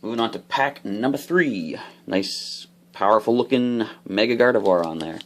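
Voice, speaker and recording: A man casually opening trading card packs, explaining each card's rules with bursts of excitement. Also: fairly low pitch, moderate pace. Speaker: card unboxing host. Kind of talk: casual unboxing commentary.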